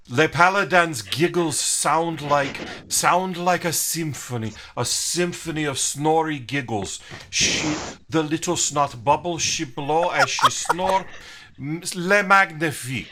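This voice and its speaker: A man's voice: fairly high pitch, animated, takes it slowly, heavy background noise, voice pushed up. A man voicing a bumbling, lovestruck male hero in an exaggerated fake French accent, sprinkling "le" everywhere. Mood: hammy romantic.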